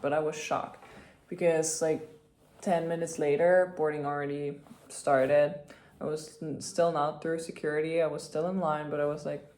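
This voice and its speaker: Chatty woman telling a travel story. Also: low voice. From Austria. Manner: chatty, many fillers, animated retelling. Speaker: vlogger. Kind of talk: casual storytelling vlog.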